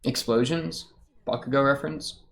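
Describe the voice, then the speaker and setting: A man's voice: mid-range voice, normal speed, gravelly, a bit bright. A young man casually commenting while watching an anime episode, chatty and rambling, laughing often. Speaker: reaction streamer.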